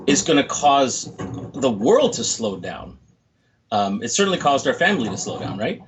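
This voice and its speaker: A man's voice: medium pitch, dull audio, slight background noise. A man in his forties, a motivational speaker, telling stories in a reflective, upbeat way during a casual interview.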